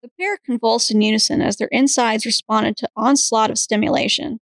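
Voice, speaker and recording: Gravelly-voiced woman reading a story. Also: on the high side, fairly quick, no room sound, poor audio. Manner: steady reading, breaks into laughs. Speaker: podcast co-host and story reader. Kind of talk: reading erotic fiction aloud.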